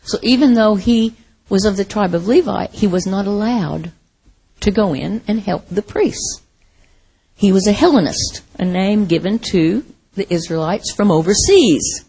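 A middle-aged American woman from the Midwest preaching a sermon in a conversational, animated way, often laughing and acting out quotes. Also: mid-range voice, a little slow, husky, rough recording.

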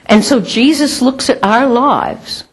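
A woman's voice: fairly high pitch, slow pace, husky. A middle-aged woman preaching a sermon in a conversational, emphatic way with self-mocking humor.

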